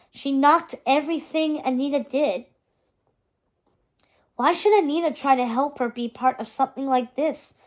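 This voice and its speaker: A woman reading a chapter book aloud, with gentle, expressive narration. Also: sits high. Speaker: reader. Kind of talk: storybook read-aloud.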